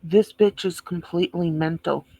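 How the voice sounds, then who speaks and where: A woman's voice: lowish voice, fairly even intonation, moderate pace, mellow, poor audio. A woman giving blunt, scornful commentary over video footage, swearing freely and sounding indignant. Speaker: reaction video host.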